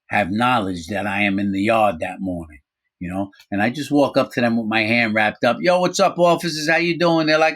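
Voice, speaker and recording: A middle-aged man casually telling a story from his own life, animated, acting out quoted voices, with frequent fillers. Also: on the low side, breathy edge. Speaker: storyteller recounting his prison time.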